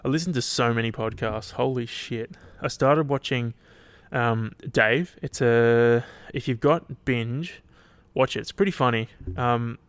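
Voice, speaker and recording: A man's voice: mid-range voice, unhurried, hardly any pauses, clear, resonant tone, dry recording. A young Australian man hosting his podcast alone, chatting casually in a loose, rambling and sweary way. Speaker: podcast host. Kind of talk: casual solo chat.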